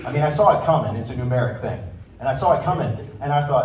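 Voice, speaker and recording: A man's voice: a little high, fast, a crowd in the background. A man in his fifties doing self-deprecating stand-up storytelling on stage, acting out quoted voices. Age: 50s. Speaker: stand-up comedian opening a show. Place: stage in a hall with a live audience. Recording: echoey hall, mic heard from a distance. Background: audience laughter and room ambience.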